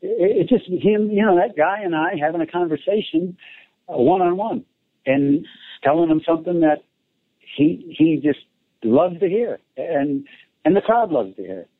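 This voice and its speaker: Animated storyteller man on a phone line. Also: high-pitched, moderate pace, no room sound. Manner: animated storyteller, acts out voices, laughs often. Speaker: race announcer, interview guest. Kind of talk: casual phone interview.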